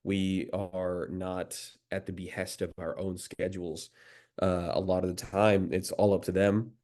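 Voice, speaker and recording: Low-voiced man, halting interview chat. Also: flat delivery, darkish tone. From United States. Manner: hesitant, many fillers and restarts. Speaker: voice actor guest.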